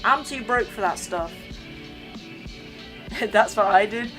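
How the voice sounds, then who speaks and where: Young woman streamer, loose slangy talk to chat over loud game music. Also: mid-range voice, slow pace. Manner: slangy, rambling, talks to chat. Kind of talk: casual live-stream chat while gaming.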